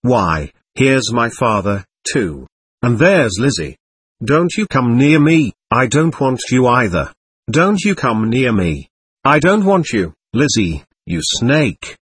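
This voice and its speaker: A man voicing the bitter, jealous ghost of a young man, speaking in a stubborn, accusing way with a husky voice. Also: medium pitch, sing-song, slow, exaggerated voice.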